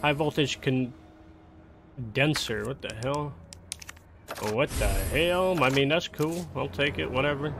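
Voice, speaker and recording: A man's voice: mid-range voice, takes it slowly, gravelly, pauses often, background noise. Young man casually commentating a game. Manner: casual, swears a lot, grows angry and exasperated. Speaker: gameplay commentator. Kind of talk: casual let's-play commentary.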